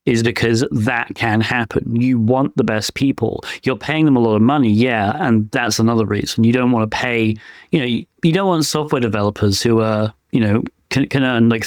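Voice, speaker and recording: In a relaxed podcast conversation, this co-host, who works as a penetration tester, thinks his views through out loud. He has a medium-pitched voice, and the studio-quality recording has no echo.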